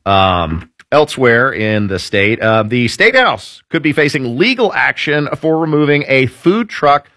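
A man's voice: medium pitch, sing-song, a little slow, few pauses, sharp tone, no echo, studio quality. A man hosting opinionated political news commentary, sarcastic and full of hesitant fillers.

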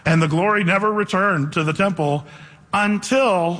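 A man preaching a sermon in a loose, conversational way, slowing down to read scripture deliberately. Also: high voice, a bit bright, long reverb tail. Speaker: pastor.

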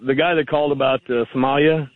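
A man calling in to a radio talk show, arguing his point in a rambling way with pauses, heard over a phone line. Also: medium pitch, flat delivery, dry recording. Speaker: caller. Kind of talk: call-in radio conversation.

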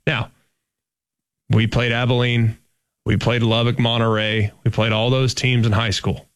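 A man from Dallas-Fort Worth, co-hosting a sports talk show in an animated, emphatic way. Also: medium pitch, a little slow, no echo. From Dallas-Fort Worth, Texas. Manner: animated, emphatic, bursts into coach impressions.

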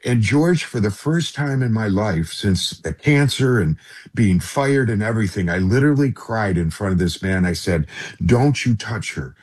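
Husky radio guy on a talk show, earnest, telling his story to the host. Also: on the low side, expressive, normal speed, darkish tone. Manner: earnest, keeps addressing the host by name. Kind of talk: personal storytelling in a conversation.

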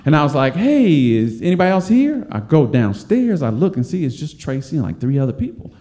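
A man in his forties from Detroit, a stand-up comic telling a personal story live, animated and laughing as he acts out other people's voices. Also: fairly high pitch, brisk, roomy sound.

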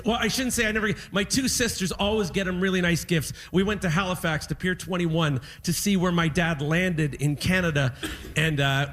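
Man doing stand-up, high voice, bright and lively, keeps poking fun at himself. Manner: animated, self-deprecating, quick asides. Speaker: comedian. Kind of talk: stand-up storytelling.

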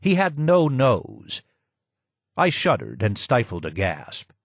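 A man reading a first-person memoir aloud as an audiobook narrator, in steady storytelling. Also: medium pitch, slow pace, breathy edge, no echo. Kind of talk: scripted narration.

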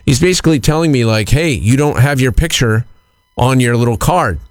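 A man's voice: mid-range voice, fairly quick, dry recording. A man co-hosting a chat show, telling a story and acting out the people in it. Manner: animated storyteller acting out quotes.

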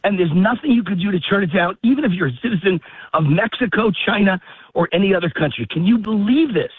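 Out in a park walking his dog, a man phones into a political talk radio interview as a guest commentator, ranting quickly and heatedly with rising emphasis. He's out of breath, his high voice slightly rough and lively. The call sounds dry.

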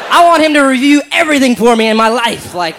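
High-voiced excitable male comedian. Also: fast talker. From South Carolina, US. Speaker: stand-up comedian. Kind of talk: stand-up routine.

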